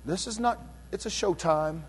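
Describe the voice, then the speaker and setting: A preacher, a man with a high-pitched voice, delivering his sermon. He swings between quiet, slow, drawn-out phrases and sudden loud, rapid surges. He keeps calling back to the congregation. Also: a little hiss or hum. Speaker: pastor.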